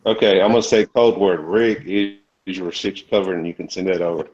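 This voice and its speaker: Deep-voiced man on dull lo-fi audio. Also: fairly quick, darkish tone. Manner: easygoing, self-correcting, laughs. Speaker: guest on a live chat. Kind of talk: casual group chat.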